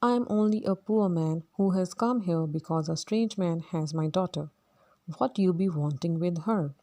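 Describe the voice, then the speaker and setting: A woman voicing a shabby older Cockney father who talks slowly and pleads his case in a read-aloud play. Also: lowish voice, warm tone, lightly acted. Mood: pleading. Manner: slow, drawn-out, pleading.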